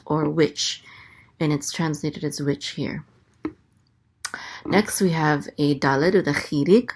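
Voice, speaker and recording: Slow, patient woman teaching Hebrew letters. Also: low-pitched. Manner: slow, patient, repeats each sound. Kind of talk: letter-by-letter language lesson.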